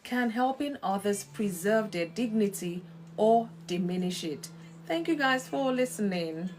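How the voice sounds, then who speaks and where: A woman's voice: mid-range voice, expressive, measured pace, darkish tone, a little hiss or hum. Woman host for a casual live stream, friendly chatter, mid-range voice, thanks viewers by name. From Nigeria. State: coughing from kitchen fumes.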